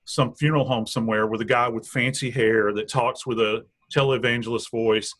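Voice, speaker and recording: A man's voice: mid-range voice, steady tone, moderate pace, fairly bright tone. A man speaking as a death investigator guest in a true crime interview, blunt and emphatic, building his points through repetition.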